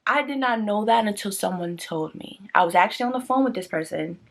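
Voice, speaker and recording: A woman's voice: a little fast, creaky. Chatty woman vlogger ranting to camera. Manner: chatty and blunt, slangy, with big swings in pitch when excited. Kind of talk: casual rant to camera.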